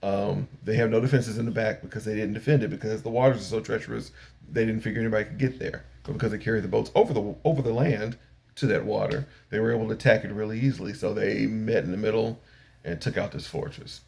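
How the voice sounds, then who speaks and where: A man's voice: on the low side, steady tone, fast, gravelly, a little mellow, slight background noise. An older man casually recapping an anime episode, rambling along with frequent fillers. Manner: rambling retelling with frequent fillers and acted-out paraphrases. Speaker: anime reviewer.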